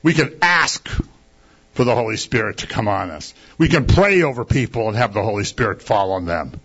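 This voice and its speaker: A man's voice: lowish voice, animated, moderate pace, a bit bright, breathy edge, lo-fi sound. A man preaching a sermon in a conversational way, asking his listeners rhetorical questions.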